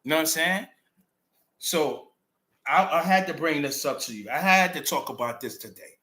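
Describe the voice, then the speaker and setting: Preachy street-talking man with a bright voice. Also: on the high side, normal speed. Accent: New York. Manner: street slang, emphatic, preachy. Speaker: channel host. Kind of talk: unscripted commentary monologue.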